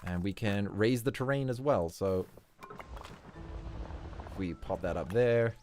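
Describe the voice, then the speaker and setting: A man hosting a relaxed game livestream in casual commentary, upbeat and chuckling often. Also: fairly low pitch, measured pace, soft background music. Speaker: livestream host.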